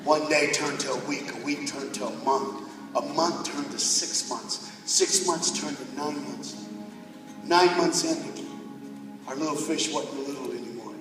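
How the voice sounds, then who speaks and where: A man telling a sermon story, moving from hushed narration to shouting preaching before a large crowd. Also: on the high side, a little slow, far from the mic. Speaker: speaker at a youth event. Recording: roomy live hall miked from afar. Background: music.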